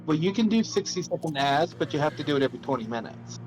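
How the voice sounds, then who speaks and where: A man's voice: on the high side, lively intonation, fast, over music, poor audio. Helpful man chatting on a stream. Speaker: co-player on call. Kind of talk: casual chat.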